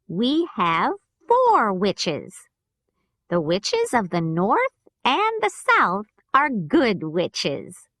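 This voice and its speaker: A woman with an American accent voicing a kind, reassuring good witch in a storybook, speaking slowly and gently. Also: mid-range voice, no room sound, exaggerated voice.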